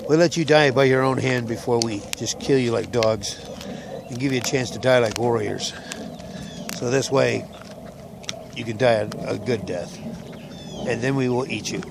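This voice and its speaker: A solemn male chief hands down his judgment in slow, formal words, voiced by a man telling a joke. The voice stays gravelly and close to the teller's own. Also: medium pitch, background noise, natural voice. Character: stern male jungle tribe chief, solemn and grand.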